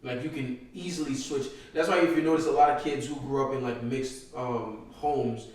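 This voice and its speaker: Man from Nigeria, loud animated podcast chat, heavy room echo, off-mic. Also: medium pitch, normal speed, recorded from a distance. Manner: loud, animated, laughing storyteller. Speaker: podcast co-host. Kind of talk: casual chat. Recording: roomy echo, voice a bit off-mic.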